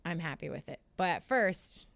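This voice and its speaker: A woman's voice: on the low side, moderate pace, vocal fry, no room sound. A young woman guest in a studio interview, telling her story candidly and acting out what others said. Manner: candid, animated storytelling, acts out quotes. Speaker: guest fighter. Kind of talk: casual interview chat.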